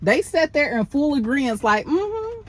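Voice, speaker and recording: A woman's voice: on the high side, lively intonation, moderate pace. A woman giving blunt, opinionated commentary on a reality show in a casual, exasperated way. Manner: blunt, exasperated, talks to the show's people directly.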